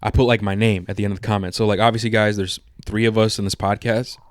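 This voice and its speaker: A man's voice: lowish voice, fast, no room sound, studio quality. A man co-hosting a podcast, telling stories in casual, profane chat. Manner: profane, animated storytelling. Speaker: podcast co-host.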